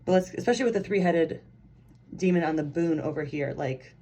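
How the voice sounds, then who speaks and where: A woman giving a casual pick-a-card tarot reading, chatty and excitable, rambling with lots of fillers. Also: lowish voice, fairly quick, slightly rough. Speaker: tarot reader.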